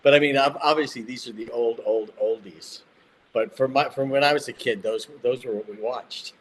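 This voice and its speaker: Older man, jokey animated storyteller. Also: medium pitch, normal speed. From Mississippi, US. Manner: jokey, animated anecdotes with self-mocking humor. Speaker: guest actor. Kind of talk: casual storytelling.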